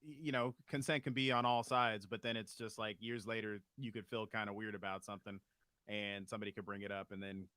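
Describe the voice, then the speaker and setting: Bright-voiced male podcast co-host. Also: lowish voice, steady tone, brisk, no echo. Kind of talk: casual podcast chat.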